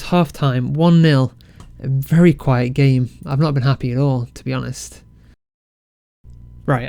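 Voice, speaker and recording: Excitable man narrating a game, dry close mic. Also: medium pitch, clean tone, no room sound. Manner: excitable, self-mocking, rambling with restarts. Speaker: game let's-play creator. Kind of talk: casual game commentary.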